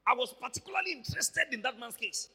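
Animated Nigerian pastor in a reverberant hall. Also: male voice, very high voice, fast talker, slightly rough. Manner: animated storyteller acting out dialogue. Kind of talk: sermon testimony.

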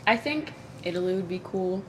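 A young woman chatting casually as a podcast co-host, her voice sitting a little low but swooping about lively. She giggles a lot and lets sentences trail into soft mumbles. A faint low rumble hums behind her. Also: moderate pace. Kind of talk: casual chat.

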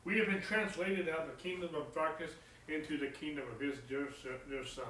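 A man preaching a sermon, swinging from emphatic peaks to low, soft lines and often asking "okay?" of his listeners. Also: steady tone, brisk, echoey room, distant mic, slight background noise, low-quality recording. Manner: repeats phrases, asks the congregation "okay?".

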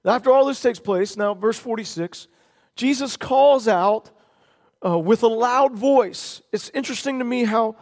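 A man preaching a sermon as pastor, earnest, stretching key words slowly for emphasis. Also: extremely high pitch. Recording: long hall reverb.

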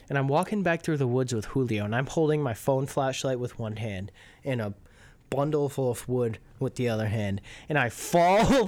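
A young man co-hosting a podcast, telling a story in casual chat, animated and profane, laughing as he goes. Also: mid-range voice, dry recording. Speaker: podcast co-host.

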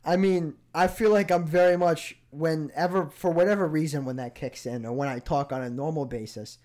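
A young man, fairly high-voiced for a man, hosts a loose podcast chat with his friends. He talks in an animated way and laughs often. He pushes back on their teasing with good humor. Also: moderate pace. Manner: animated, laughing, defensive banter. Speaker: podcast host. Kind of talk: casual chat among friends.

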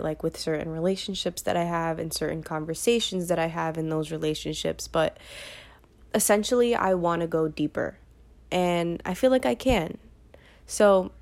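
Rambling young woman from Brooklyn. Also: on the low side. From Brooklyn, New York. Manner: rambling, unscripted, many ums and self-corrections. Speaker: podcast host. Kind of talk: casual solo podcast monologue.

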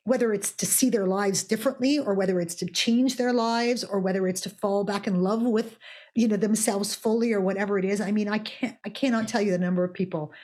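A woman's voice: mid-range voice, fairly even intonation, a little fast, darkish tone. A woman talking as a guest in an interview, passionate and emphatic, often repeating words as she speaks. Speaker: author and guest. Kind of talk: podcast interview.

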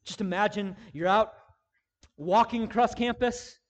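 A man preaching a sermon in a high-pitched voice, taking his time over each phrase. He drops to a near hush, then rises to loud, emphatic declarations. He repeats key words to drive them home. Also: measured pace. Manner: swings from hushed intimacy to loud emphatic preaching. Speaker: pastor.

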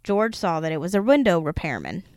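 A woman's voice: on the low side, sing-song, fairly quick, a little mellow, no echo, clean studio sound. A woman podcast host reading a book aloud, with the occasional laughing aside.

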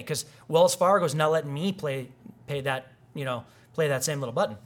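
A pastor delivers his sermon in a relaxed, conversational way, full of asides and everyday stories. His voice sits a little higher than most men's. He slips into quick voices for the people in his stories. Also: a little hiss or hum. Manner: conversational, animated, acts out quoted voices. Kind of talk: casual sermon with personal stories.

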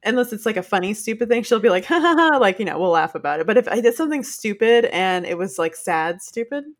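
A woman's voice: medium pitch, fast talker. Chatty woman co-hosting a podcast. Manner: chatty, laughs often, animated when retelling. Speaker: podcast co-host. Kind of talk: casual chat.

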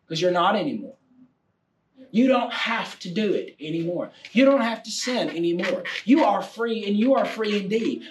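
A man with a high voice delivers a fervent sermon, sometimes shouting and sometimes falling to a hush. He is heard from back from the mic in an echoey room with a faint hiss. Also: distant mic. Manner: impassioned, swings from shouting to near-whisper. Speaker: preacher.

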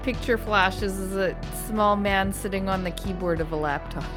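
A woman's voice: mid-range voice, moderate pace, music in the background. A woman co-hosting a podcast, casually asking curious, amused questions. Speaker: podcast co-host. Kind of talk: casual chat.

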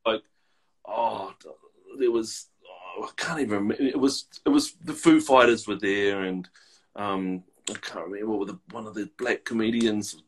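A man telling casual, profane stories as a guest in a relaxed chat. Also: lowish voice, moderate pace, breathy edge, rough recording. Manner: profane, laid-back anecdotal.

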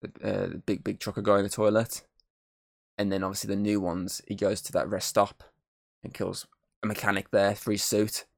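A man with a lowish voice and a gravelly rasp running through it, talking through a film review in a loose, wandering way. He swears casually, hums snatches of tunes and keeps circling back to his points. The sound is close and dry. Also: flat delivery, moderate pace, no room sound.

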